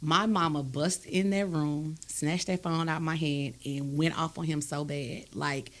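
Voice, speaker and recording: Woman hosting a podcast, low voice, emphatic and animated, keeps checking "you understand me". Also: normal speed, few pauses. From Texas, USA. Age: adult, raised a grown son. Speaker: podcast host. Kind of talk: candid storytelling in a conversation.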